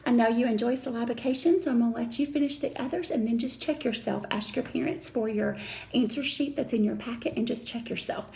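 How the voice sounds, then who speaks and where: A woman teacher explaining a reading lesson step by step to children, slow and patient. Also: a little high, creaky, darkish tone.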